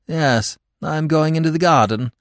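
A man's voice: a little high, normal speed, no echo, clean studio sound, pitched above the performer's own voice, natural voice. A man doing a curt, stern noblewoman. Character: stern, domineering aristocratic woman.

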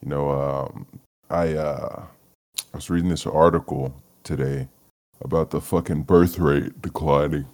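A man hosting a solo podcast, rambling in a low-energy, profane way, trailing off and laughing as he talks. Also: steady tone, unhurried, a little mellow. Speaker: podcast host. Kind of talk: solo casual rant.

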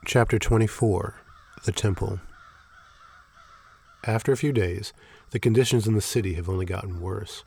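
A man reading a horror story aloud in a steady, measured way, with a gravelly voice. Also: fairly low pitch. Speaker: narrator.

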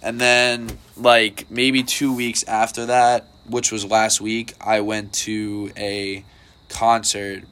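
A man's voice: fairly low pitch, little pitch movement, slow, fairly bright tone, clean tone. A young man, chatting casually on a podcast and rambling with lots of filler words and swearing. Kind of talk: casual chat.

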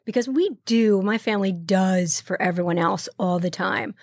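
A middle-aged woman guest in a podcast interview, talking fast and effusively and repeating words for emphasis. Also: medium pitch, dry recording, studio quality. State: tearful, choked up.

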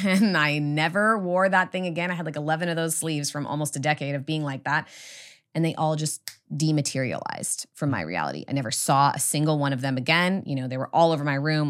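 A woman guest on a podcast, telling a personal story in an earnest, reflective, meandering way. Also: low voice. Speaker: guest, witch school headmistress.

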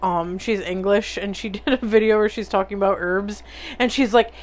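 A woman's voice: mid-range voice, fairly even intonation, moderate pace. A woman co-hosting a podcast, chatting playfully, laughing a lot and swearing casually. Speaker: podcast co-host.

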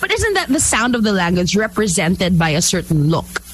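Teasing Filipino woman, lively voice. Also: medium pitch, normal speed, noisy background. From Philippines. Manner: teasing, mixes Tagalog into English. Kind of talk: casual chat.

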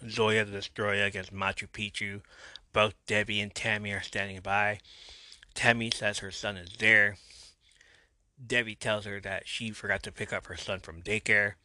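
A man's voice: on the low side, little pitch movement, moderate pace, sharp tone, no room sound. A man hosting a podcast, casually retelling a TV episode scene by scene and reading out the characters' lines. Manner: retells scenes and reads quotes with a few asides. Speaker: podcast host recapping a TV episode.

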